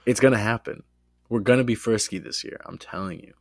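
A man hosting a sports podcast, excitable and playful, hyping the show between casual chat. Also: fairly low pitch, a little fast, no room sound, clean studio sound. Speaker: podcast host.

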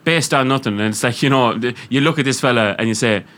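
Young irish guy on a podcast, rambling and laughing, swears a lot, bright tone, mid pitch. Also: fast. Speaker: podcast host. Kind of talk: casual chat.

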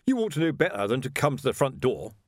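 A man's voice: mid-range voice, very animated, fast talker, darkish tone, dry recording, clean studio sound, lightly acted. Man reading as an icy, haughty butler. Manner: icy and condescending. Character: cold, haughty middle-aged butler.

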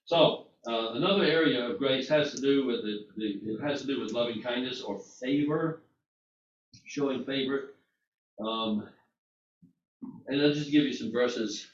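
A man's voice: mid-range voice, unhurried, pauses often. A man teaching an informal sermon, talking conversationally with many restarts and fillers, recorded from a distance in a room. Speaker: Bible teacher. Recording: distant mic in an echoey room, muffled.

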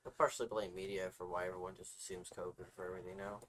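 A man's voice: low-pitched, flat delivery, racing, fairly bright tone, slight background noise. A man co-hosting a casual podcast who tells rambling stories full of fillers and restarts. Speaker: podcast co-host.

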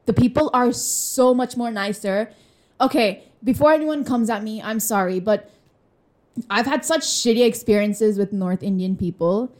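A woman's voice: on the high side, normal speed, a little mellow. A young woman co-hosting a podcast in casual chat, candid and full of fillers. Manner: chatty, filler-heavy, candid and laughing. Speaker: podcast co-host. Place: room with a glass wall.

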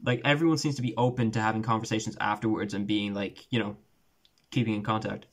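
A man's voice: fairly low pitch, steady tone, fast talker. Give me a rambling young man hosting a podcast over a call. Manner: rambling, restarts often, laughs at own stories. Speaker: podcast host. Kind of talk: casual video-call chat. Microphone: remote call.

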